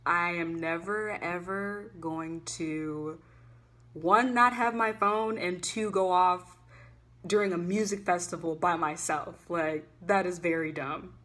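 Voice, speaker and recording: A young woman telling a casual storytime vlog, chatty and animated, full of "like" fillers, swinging between loud and hushed. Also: on the low side, slow pace. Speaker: student vlogger.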